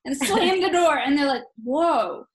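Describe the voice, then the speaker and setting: A comedian in her thirties chatting casually on a podcast from home, animated and full of swearing. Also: high voice, unhurried, reverberant, very noisy. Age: 30s. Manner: animated, swears a lot, acts out stories. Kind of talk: casual chat. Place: her room at her parents' home.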